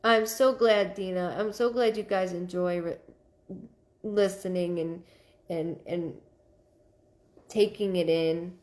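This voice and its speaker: A woman hosting a live stream as a psychic medium. She thanks viewers by name and relays messages in a searching, halting way. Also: lowish voice, fairly even intonation, a little mellow.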